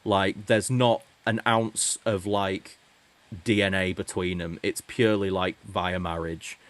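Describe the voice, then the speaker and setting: A man's voice: sits low, fairly even intonation, measured pace. A man co-hosting a hockey podcast, talking casually and rambling with many restarts. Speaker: podcast co-host.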